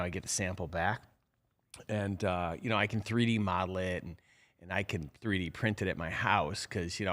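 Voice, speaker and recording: A man's voice: deep voice, a bit bright. Chatty middle-aged man hosting live. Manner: rambling, chatty, many fillers. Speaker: live show host. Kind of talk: casual live-stream talk.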